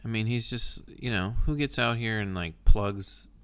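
A man's voice: lowish voice, a little slow, a bit bright, smooth. A man co-hosting a podcast in casual, teasing chat. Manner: teasing, joking. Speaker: podcast co-host.

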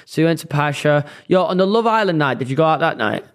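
A man co-hosting a podcast, joking and teasing with quick interjections in casual chat. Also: a little high, lively intonation. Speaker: podcast co-host.

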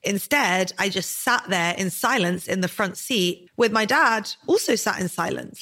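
A woman's voice: medium pitch, measured pace, hardly any pauses, bright, forceful tone. Earnest woman podcast host. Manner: earnest, candid, emotional storytelling. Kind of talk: podcast conversation.

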